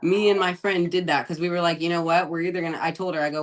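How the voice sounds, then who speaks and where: A woman's voice: lowish voice, fairly even intonation, fast. A woman, a guest investor, telling a story casually and chattily, laughing often and saying "like" a lot.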